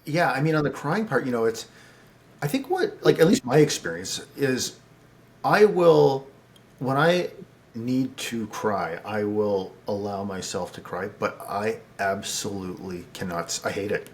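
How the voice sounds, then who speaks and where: Halting, reflective man hosting a podcast. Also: on the low side, animated. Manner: halting and reflective, with many fillers and restarts. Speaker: podcast host. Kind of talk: conversational podcast interview.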